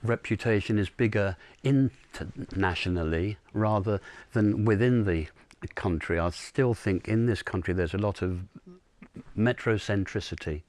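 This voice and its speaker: A man speaking as a panel guest in a measured way, often murmuring agreement. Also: fairly low pitch, darkish tone, no room sound. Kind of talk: panel discussion.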